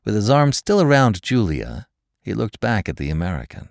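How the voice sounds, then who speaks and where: A man narrating a thriller audiobook in a measured, dramatic storytelling manner. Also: on the low side, sing-song, gravelly, no echo, clean studio sound.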